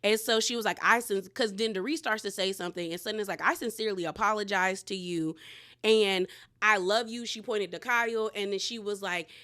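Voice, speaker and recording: A woman's voice: medium pitch, fairly quick, bright, forceful tone. A woman hosting a casual recap of a reality TV episode. She talks bluntly in slang and acts out the cast members' lines as she retells them.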